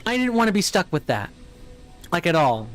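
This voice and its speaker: A man with a General American accent, his voice a touch higher than most men's, talks loosely through a live game stream. He muses aloud and answers his chat while faint game music plays behind him. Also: very animated, normal speed. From United States. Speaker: let's play streamer. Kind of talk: casual live gameplay chat.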